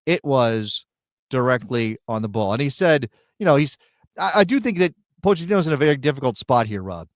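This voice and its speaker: A man co-hosting a sports talk show, measured and analytical, speaking into a studio mic. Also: medium pitch, big pitch swings, dry recording. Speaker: podcast co-host.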